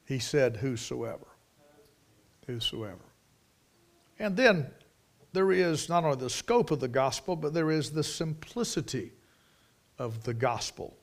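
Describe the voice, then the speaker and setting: A man's voice: a little high, lively intonation, a little slow. A middle-aged man preaching a sermon in a folksy manner, swelling into emphatic bursts. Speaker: preacher, Bible college teacher.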